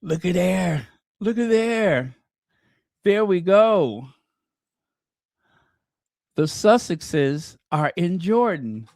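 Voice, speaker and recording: Excitable gushing man, slow and dry. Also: sits high, gravelly, no room sound. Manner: excitable, gushing, talks to viewers. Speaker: channel host. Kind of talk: live stream chat.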